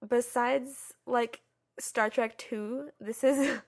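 A woman's voice: on the high side, steady tone, very slow. A woman in a casual film discussion, talking hesitantly and filling her speech with ums and likes.

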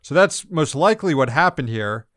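A man's voice: on the high side, lively intonation, normal speed, a bit bright, no room sound, clean studio sound. A man hosting a podcast, giving blunt, sarcastic commentary on the news with frequent laughs and swearing. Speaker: podcast host.

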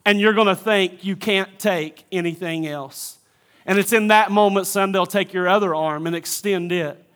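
A male pastor in a dramatic sermon monologue, voicing God the Father as he speaks earnestly to his son and drops to a hushed near-whisper on tender words. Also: sits high, fairly even intonation, moderate pace. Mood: tender, solemn.

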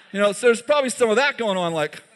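A man preaching a sermon in a conversational way, asking the audience questions and laughing at his own jokes. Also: high-pitched.

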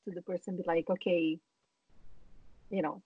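A woman's voice: on the low side, fairly even intonation, moderate pace, slightly rough, narrow, tinny audio. A young woman co-hosting a casual chat, teasing her friend with playful, probing questions.

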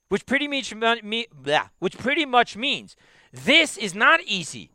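A man teaching a Torah class, emphatic and repetitive, dropping to quiet asides. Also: high voice, sing-song, unhurried, no room sound, studio quality. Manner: emphatic, repeats key phrases, drops to quiet asides.

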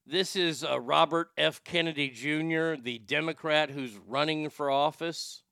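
A man's voice: fairly high pitch, unhurried, vocal fry, pushed and bright, clean tone, no room sound, clean studio sound. A man giving loose, rambling commentary on a clip, with sighs and the odd curse. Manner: rambling, sighing, swearing. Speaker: streamer reacting to clips. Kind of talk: casual commentary.

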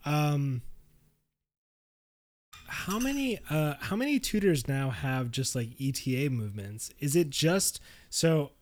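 A man's voice: fairly high pitch, animated, slow, pauses often. A man co-hosting a casual podcast chat, laughing often and asking eager questions. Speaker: podcast co-host.

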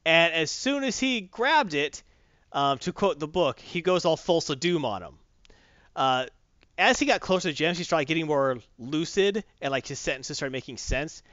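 A rambling, animated man with a raised, lively voice, chatting casually as a comics host. The recording is dry and slightly dull. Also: on the high side, moderate pace, no echo. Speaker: podcast host. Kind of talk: casual comic review chat.

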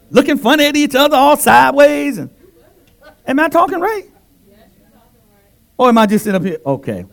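A man preaches to his congregation with a strikingly high voice that leaps up and down in pitch. He calls out questions to the room and drops into soft asides between louder bursts. He is speaking into a handheld mic in a church. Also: sing-song, a little fast, gravelly, pauses often. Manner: call-and-response preaching, swinging from loud exclamations to soft asides. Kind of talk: sermon.

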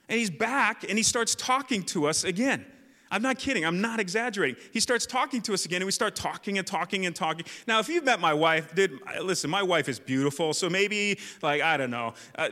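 Man, youth pastor, casual sermon storytelling, bright tone, long church reverb. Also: sits high. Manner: animated storyteller, many fillers. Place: church hall.

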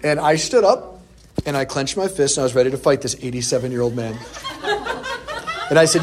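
A priest preaching a sermon, telling a personal story in an animated way and acting out the quoted lines. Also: male voice, mid-range voice, brisk, long pauses, noisy background.

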